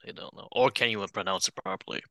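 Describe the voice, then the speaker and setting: Male podcast co-host, lowish and sharply bright voice, quick agreeing interjections. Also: fairly even intonation, vocal fry, no room sound. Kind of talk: casual political podcast chat.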